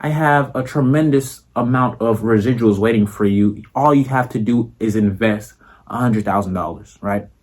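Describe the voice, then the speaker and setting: Man doing a male business pitchman, formal, salesy, persuasive, mid-pitched voice. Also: normal speed, natural voice.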